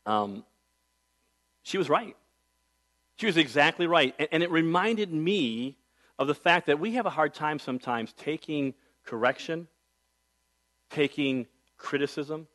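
This middle-aged pastor's voice sits on the high side as he relates a personal story in his sermon. He speaks in a conversational style, his delivery swinging from hushed to booming.

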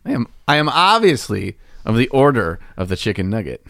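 A man's voice: mid-range voice, sing-song, fairly quick, gravelly, a bit bright, dry recording, studio quality. A man co-hosting a podcast, chatting casually in a playful, teasing way and laughing often. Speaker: podcast co-host.

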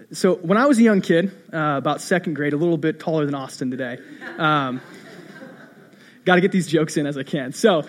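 A young adult man preaching a sermon to his congregation. He talks conversationally, repeats key phrases and tells stories with self-deprecating humor. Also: on the high side. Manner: animated storytelling, repeating phrases. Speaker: pastor.

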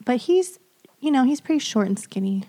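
An easygoing woman in her thirties co-hosts a casual podcast. She chats in a relaxed way and adds dry, self-mocking humor. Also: high-pitched, normal speed. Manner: relaxed, chatty, wry humor. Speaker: podcast co-host. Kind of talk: casual chat.

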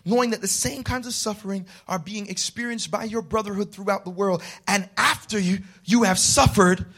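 A man preaching a sermon, calling on the congregation to answer and rising into shouted, passionate passages. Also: high voice, normal speed, breathy edge. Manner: call-and-response with the congregation. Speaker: pastor.

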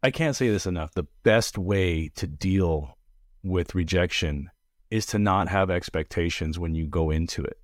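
A man with a very deep voice speaks earnestly in a casual discussion. He keeps a measured pace and stumbles over repeated words as he builds his point. The sound is dry and close. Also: no echo. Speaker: podcast co-host.

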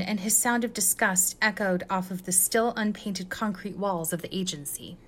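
A woman reading fan fiction aloud as a guest reader, telling it in a lively, expressive way. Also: mid-range voice.

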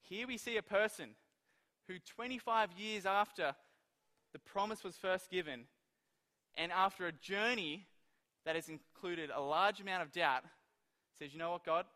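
A man preaching a sermon, telling stories in an animated way and acting out the quoted lines. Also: high voice, unhurried, pauses often, big-room sound.

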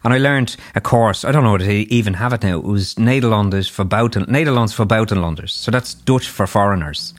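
A man's voice: lowish voice, a little fast, hardly any pauses. A man in his fifties with an Irish accent, hosting a podcast interview in a chatty, rambling way with many restarts and asides. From Ireland. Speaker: podcast host. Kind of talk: casual interview chat.

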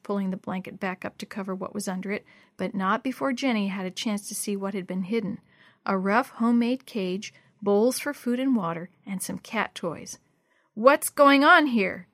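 Expressive woman reading a children's story. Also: mid-range voice, no echo, clean studio sound. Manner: expressive, lively dialogue voices. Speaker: narrator. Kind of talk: storybook reading with character voices.

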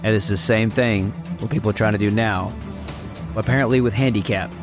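A man's voice: fairly low pitch, fairly even intonation, a little fast, over music. A man hosting a faith podcast, speaking in a blunt, preachy way while reacting to clips. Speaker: podcast host.

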